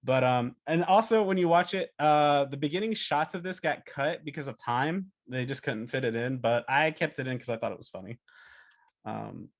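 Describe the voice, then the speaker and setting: A man giving a casual talk as a storyboard artist, chatty and animated, acting out cartoon pitches. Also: moderate pace. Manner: animated, chatty, many fillers and laughs.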